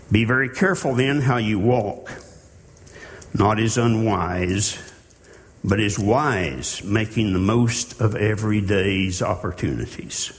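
A man preaching a sermon in a slow, earnest way, with halting restarts. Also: fairly low pitch. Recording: long hall reverb.

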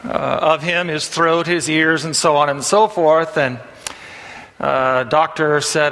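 Male pastor, bright, slightly high voice, folksy sermon delivery with filler pauses, long church reverb. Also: steady tone. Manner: folksy storytelling with frequent "uh" fillers, rising for punchlines.

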